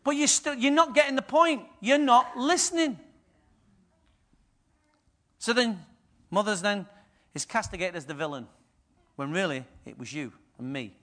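A middle-aged man preaching a sermon as pastor, telling stories lively and swinging from hushed asides to loud bursts. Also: high voice, unhurried.

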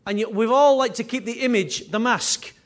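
A man preaching a sermon as pastor, animated and repetitive, with conversational asides. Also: very high-pitched, moderate pace. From England.

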